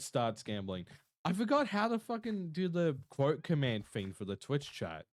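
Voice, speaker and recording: Male streamer, casual chat with viewers, jokey and laid-back, pitch swings up and down. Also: no echo. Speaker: Twitch streamer.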